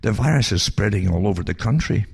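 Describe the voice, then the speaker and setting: An older man with a Scottish accent reads out news stories in a sardonic tone and keeps cutting in with mocking asides. His voice sits very low and is thick with gravelly fry. It sounds rough and husky throughout. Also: lively intonation, quick pace, darkish tone. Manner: sardonic, asides like "eh?" and rhetorical questions. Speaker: radio talk show host. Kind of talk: reading news items aloud with sarcastic commentary.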